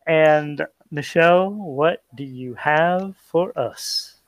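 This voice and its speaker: A man co-hosting a relaxed pop culture podcast, talking in a loose, joking way. His delivery is unhurried and measured. The sound is close and dry, with no room echo. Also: a little high. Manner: chatty, plugs channels, jokes around. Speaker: podcast co-host. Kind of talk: casual chat.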